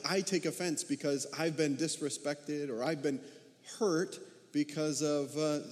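High-voiced man preaching in an echoing hall. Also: a little mellow. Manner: conversational preaching with many rhetorical questions. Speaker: pastor. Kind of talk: sermon.

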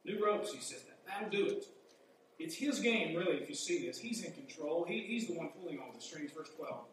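A man's voice: fairly high pitch, animated, normal speed. A man preaching a sermon in a conversational way, asking his listeners rhetorical questions. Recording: echoey hall, mic far off, faint hum.

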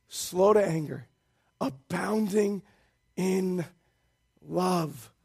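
A man in his thirties delivers a sermon from the pulpit. His voice sits very high, with a gravelly edge. He moves between soft, hushed pleading and sudden loud emphasis. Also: lively intonation, measured pace. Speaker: pastor.

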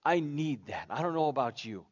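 A man's voice: on the high side, lively intonation, moderate pace, muffled recording. A man preaching a sermon as pastor, building with repeated phrases in a fervent preaching cadence. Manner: impassioned, repetitive preaching cadence.

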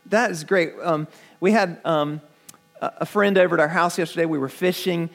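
A man's voice: a little high, normal speed, gravelly, fairly bright tone. A man preaching a sermon to his congregation, earnest, often repeating words and asking the listeners questions. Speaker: pastor.

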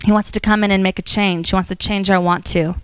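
Woman teaching a church class, smooth voice. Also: mid-range voice, fast talker, no room sound. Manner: storytelling, animated quotes, frequent fillers.

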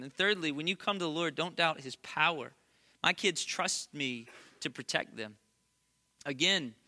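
Bright, high-voiced male preacher. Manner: conversational and emphatic, with playful asides. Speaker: pastor. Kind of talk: sermon.

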